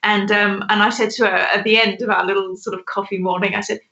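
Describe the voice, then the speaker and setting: A woman's voice: medium pitch, little pitch movement, fast, gravelly, sharp tone, reverberant, dull audio. A woman co-hosting a podcast, chatting in a rambling way with many restarts. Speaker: podcast co-host. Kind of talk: casual discussion.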